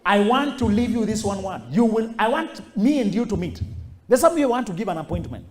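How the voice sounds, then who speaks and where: A middle-aged man giving a motivational speech to high school students and acting out the people he quotes. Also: a little fast. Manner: animated, acts out quoted voices. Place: school hall. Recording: echoey hall.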